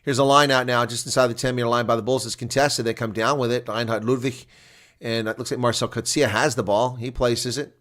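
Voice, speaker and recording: A man giving live reaction commentary on a rugby match, chatting to viewers and getting loudly excited on big plays. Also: medium pitch, brisk. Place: home setup streaming a reaction broadcast.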